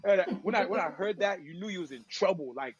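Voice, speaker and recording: A man from Togo, a podcast guest and DJ, telling stories in casual chat with slangy, lively talk. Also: sits high, quick pace, breathy edge, dull audio. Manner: lively, acts out quoted voices, slangy.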